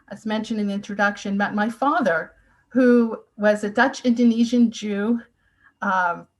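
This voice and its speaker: A woman's voice: medium pitch, poor audio. Earnest woman in her sixties telling a story. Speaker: speaker. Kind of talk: personal testimony talk.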